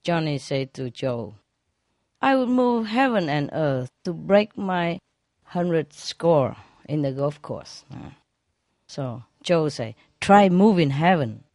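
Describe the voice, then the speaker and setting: Slow and animated, a woman with a low, slightly mellow voice tells a string of jokes to an audience, often laughing at her own punchlines. Her grammar is non-native and she drops verb endings. The recording is dry and studio quality.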